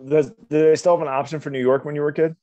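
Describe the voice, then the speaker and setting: A man co-hosts a casual podcast in easygoing conversation. His tone is mellow and dark. The audio is dry and dull. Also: on the high side, little pitch movement, very fast, no room sound. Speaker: podcast co-host. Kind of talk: casual chat.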